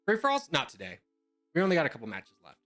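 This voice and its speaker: A man's voice: mid-range voice, very animated, fast, sharp tone, soft background music. A young man chatting casually in voice chat while gaming, joking and sarcastic. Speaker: gamer in voice chat.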